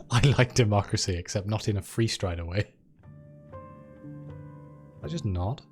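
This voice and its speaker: A man's voice: lowish voice, unhurried, faint music behind. A man live-streaming a video game, chatting and reacting aloud and reading the story text.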